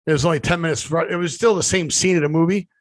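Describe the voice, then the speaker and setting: High-voiced man telling a rambling story. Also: steady tone, racing, no echo. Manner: rambling storyteller, many fillers and restarts. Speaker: podcast co-host. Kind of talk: casual chat.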